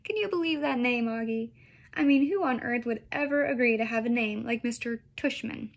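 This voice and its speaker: A woman's voice: on the high side, normal speed. A woman reading aloud, voicing a loving father who teases and jokes playfully. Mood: joking. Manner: playful, teasing. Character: jokey, loving father of a young boy.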